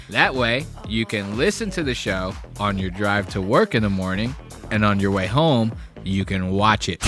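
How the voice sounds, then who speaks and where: A man's voice: on the low side, bright, forceful tone. A man hosting a podcast in loose, profane casual chat, rambling and laughing as he signs off. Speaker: podcast host.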